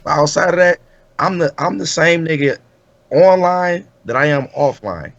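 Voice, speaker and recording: A man's voice: a little high, moderate pace, vocal fry, no echo, highs cut off. A man co-hosting a talk show, speaking in laid-back street slang and repeatedly saying "you know what I'm saying.". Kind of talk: casual talk show chat.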